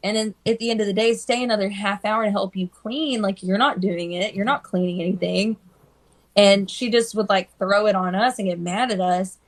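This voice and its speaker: A woman hairstylist chatting casually on a live stream, telling animated stories and acting out the people she quotes. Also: medium pitch, moderate pace. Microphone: phone.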